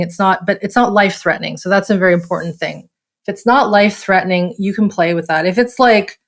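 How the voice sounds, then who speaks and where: A woman with a fairly low speaking voice, talking as a guest expert in a podcast interview. She explains through vivid step-by-step examples. She acts out little quoted voices with gasps. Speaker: guest nervous system expert.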